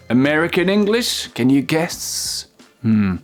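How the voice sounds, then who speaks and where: A French-native man teaching English pronunciation in a slow, deliberate way, stretching and repeating each word. His pitch rises and falls widely as he models the sounds. Faint music plays underneath. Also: sing-song. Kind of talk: lesson for French speakers.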